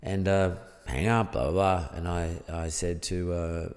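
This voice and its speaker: A man's voice: low-pitched, steady tone, a little slow, a little mellow, in a large hall. An Australian man, a podcast guest, telling a story in a rambling, casual way full of fillers. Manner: rambling, peppered with "blah, blah, blah" and fillers.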